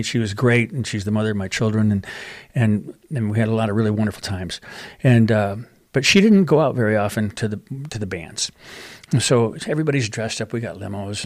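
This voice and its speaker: A middle-aged man telling stories as a radio guest, animated, with restarts and a voice that jumps up when he gets excited. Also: no echo, clean studio sound. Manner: animated anecdotal storyteller, restarts, rises in pitch when excited. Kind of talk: casual storytelling chat.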